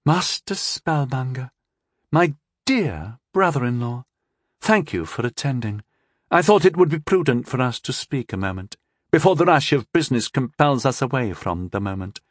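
A man's voice: medium pitch, big pitch swings, normal speed, dry recording, clean studio sound. A man voicing a cold, scheming teenage princess in an audiobook, speaking in a sly, condescending drawl. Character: scheming sixteen-year-old princess, cold and tipsy. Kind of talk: audiobook character voice.

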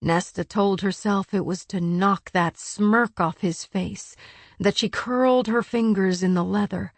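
Woman reading a novel aloud, slow and steady, dry sound. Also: mid-range voice, no room sound. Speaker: audiobook narrator. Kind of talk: scripted narration.

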